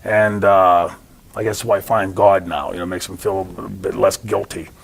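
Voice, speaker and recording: Speaking at a moderate pace in a low voice with vocal fry, a male interview guest shares stories. He brings them to life by acting out the voices of whoever he's quoting.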